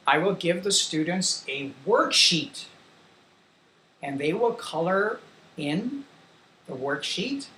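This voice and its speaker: A woman teaching a demo English lesson for young children, singing slowly and giving simple classroom instructions. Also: lowish voice, fairly bright tone, reverberant, a little hiss or hum.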